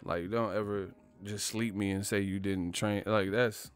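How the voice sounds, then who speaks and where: Animated, joking man. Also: on the low side, measured pace, clear, resonant tone, soft background music. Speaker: boxing commentary host. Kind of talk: casual chat.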